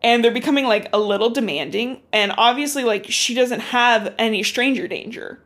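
Young woman co-host, casual, animated recap, lots of fillers. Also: a little high, normal speed. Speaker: podcast co-host. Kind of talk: casual book recap chat.

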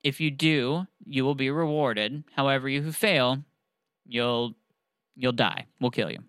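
A man's voice: mid-range voice, a little slow, a bit bright, clear, resonant tone, no echo. A man voicing a blustering king as he casually retells a story. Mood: bossy.

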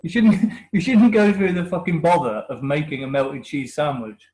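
A man's voice: fairly high pitch, moderate pace, a little mellow, rough recording. Teasing man with a West Country accent. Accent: West Country English. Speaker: podcast co-host. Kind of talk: casual chat.

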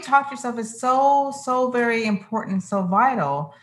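A woman's voice: fairly high pitch, normal speed. Woman, podcast host, enthusiastic, affirming, casual interview chat.

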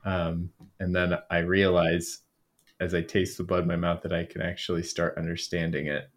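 Low, husky man playing a tabletop game. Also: flat delivery. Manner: hesitant, halting. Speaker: player.

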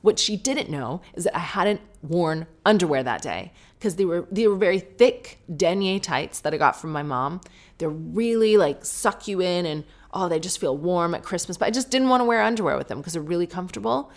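British woman, solo podcast host with a slightly low voice, animated and self-mocking storyteller. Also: moderate pace. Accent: British English. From Britain.

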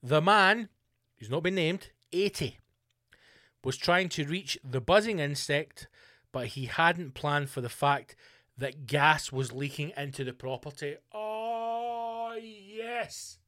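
A man delivers a crude, sweary comic monologue as a podcast host. His voice sits slightly high for a man, and the sound is dry and close with no room around it. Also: a little slow, sharp tone, no echo. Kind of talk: casual comedic monologue.

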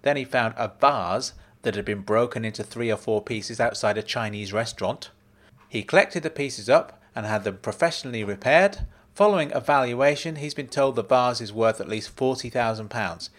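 A man's voice: medium pitch, normal speed, close to an everyday voice. A man reading a story, voicing a breezy, upbeat woman researcher in a raised, chirpy voice. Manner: bright, chirpy, casual.

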